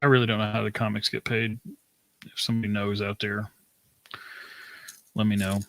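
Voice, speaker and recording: A man's voice: fairly low pitch, little pitch movement, moderate pace, creaky, no room sound, rough recording. A man from Texas hosting a casual podcast chat, with brief backchannel replies and wry asides.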